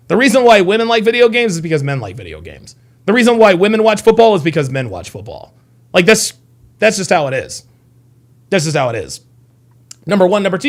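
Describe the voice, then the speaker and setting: Man, livestream rant, high voice, swings all over in pitch, angry, swears a lot, repeats himself. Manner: angry, profane, repeats himself, talks back to chat. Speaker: live streamer reacting to an article and chat. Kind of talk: heated livestream commentary.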